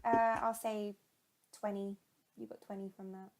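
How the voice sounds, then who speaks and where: A woman's voice: mid-range voice, flat delivery, moderate pace, noisy background. A woman acting as game master, describing scenes and laughing often while she narrates. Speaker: dungeon master.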